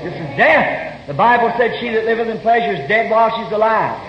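A man preaching a fervent sermon, telling stories earnestly and breaking into shouts now and then. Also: high voice, expressive, quick pace, background noise. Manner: earnest storytelling, bursts of shouting. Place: church meeting hall. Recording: roomy lo-fi 1961 sermon tape.

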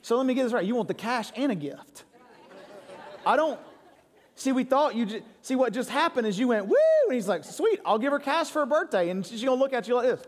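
A man preaches in a high voice. He jokes with his congregation and tells stories about home life. His voice rings with a long reverb through the church sanctuary. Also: animated, a little fast. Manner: joking, crowd-engaging storytelling. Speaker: pastor. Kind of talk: sermon.

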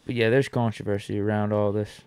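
A man's voice: lowish voice, little pitch movement, brisk, darkish tone, clean tone, no room sound. A man co-hosting a podcast, musing in casual chat with hesitant restarts. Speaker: podcast co-host.

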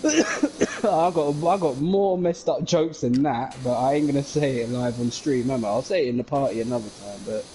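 Young lad streaming a game, slangy banter, quick to laugh. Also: male voice, mid-range voice, noisy background. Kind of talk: casual chat while gaming on stream.

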